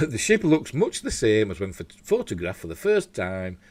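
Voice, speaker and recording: A man with a Yorkshire accent reads articles aloud during a casual news chat at home, rambling into asides and slipping up now and then. His lowish, husky, darkish voice swoops wildly in pitch at a normal speed, and the recording is dry.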